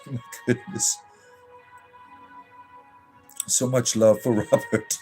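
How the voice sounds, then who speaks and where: A man hosts a live stream in a gushing, mock-sincere manner, breaking into laughter often. His voice sits at an ordinary middle pitch. Soft music plays faintly behind him. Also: low-quality recording. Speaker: livestream host and clergyman. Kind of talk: live-stream chat with viewers.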